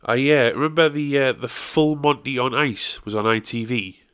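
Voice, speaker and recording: A man's voice: mid-range voice, normal speed, fairly bright tone, smooth. A young man hosting a solo podcast, rambling casually with crude, self-mocking jokes. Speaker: podcast host.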